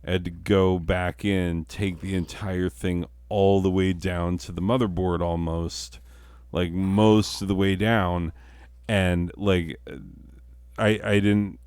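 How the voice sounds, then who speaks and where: A man's voice: low-pitched, little pitch movement, takes it slowly, a little mellow, clean tone, no echo. A middle-aged man and father, telling a story in a casual, profane, self-mocking way and laughing often. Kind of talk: casual storytelling while playing a game.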